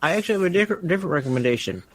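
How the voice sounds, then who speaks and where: A man's voice: a little high, expressive, racing, dry recording. A man on a podcast making dry, joking quips. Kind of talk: casual podcast chat.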